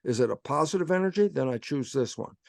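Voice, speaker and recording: A man's voice: mid-range voice, animated, fast, vocal fry, darkish tone, no echo, clean studio sound. A man giving an explanatory talk as a guest speaker. He tells it as a story, acts out quoted dialogue with "I say" and "I go", and pushes his points with rhetorical questions. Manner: frequent self-quoting with "I say" and "I go".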